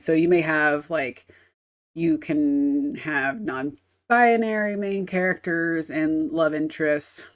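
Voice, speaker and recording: A woman game streamer chatting casually on a live stream, rambling and explaining with casual swearing. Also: sits low.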